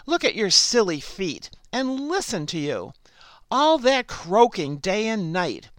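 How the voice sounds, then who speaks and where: A vain, boastful male frog, read by a woman telling a storybook tale. The lines come slowly in a smooth, clear voice. The sound is dry and close. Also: mid-range voice, very animated, dry recording. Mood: scornful. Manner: slow storybook reading of the frog's lines.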